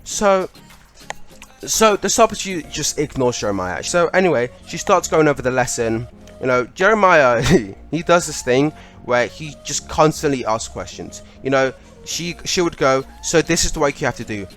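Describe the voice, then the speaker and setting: A man's voice: mid-range voice, animated, moderate pace, fairly bright tone, faint music behind. A young man casually telling a funny school story, laughing as he goes. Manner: chatty, laughing, lots of "like".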